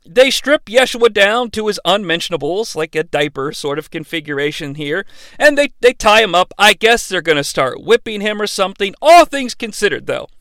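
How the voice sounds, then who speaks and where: High, bright-voiced man swearing through a movie recap. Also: moderate pace, no echo. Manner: profane, animated, sarcastic. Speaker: host.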